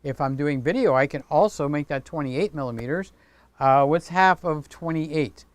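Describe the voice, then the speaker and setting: A man's voice: a little high, moderate pace, no room sound. A man hosting a casual livestream, chatting playfully with viewers and talking with his hands. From Greek heritage. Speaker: livestream host.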